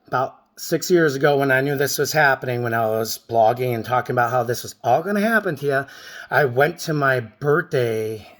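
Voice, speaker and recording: A man in his thirties telling a rambling, intense personal story to the camera, with sudden loud outbursts. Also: medium pitch, a little fast.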